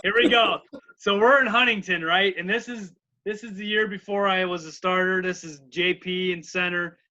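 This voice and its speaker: A man co-hosting a baseball podcast, chatting with enthusiasm and asking quick questions. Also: high-pitched, fairly even intonation, pushed and bright. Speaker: podcast co-host. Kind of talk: casual chat. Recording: dull, lo-fi podcast audio.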